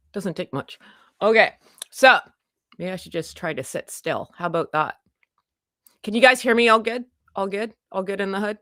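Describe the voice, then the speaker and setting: A woman from Canada hosting a casual livestream from home, chatty and self-deprecating, greeting viewers by name in a loud voice. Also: medium pitch, normal speed, long pauses, dry recording, studio quality. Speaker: livestream host. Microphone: desk microphone.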